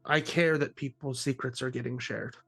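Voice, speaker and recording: A man's voice: medium pitch, steady tone, moderate pace, vocal fry, fairly bright tone, husky, soft background music. A man playing Dominic, an earnest, kind boy who speaks up for caring about others.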